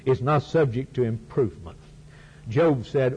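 A man preaching a sermon slowly and deliberately, his voice rising for emphasis and dropping low on solemn phrases. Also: big pitch swings, warm tone, husky. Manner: slow, deliberate preaching with dramatic rises and drops. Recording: muffled lo-fi recording with faint hum.

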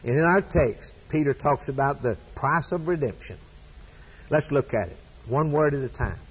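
A man preaches from the pulpit in a husky voice with a mid-range pitch. He repeats phrases in an emphatic preaching cadence. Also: moderate pace, low-quality recording. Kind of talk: sermon.

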